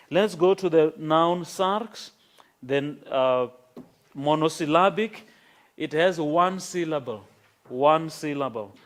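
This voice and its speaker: Slow-paced man teaching a grammar class. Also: a little high. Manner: slow, repeats words and checks in with "okay?". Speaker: lecturer. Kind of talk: classroom lecture on Greek grammar.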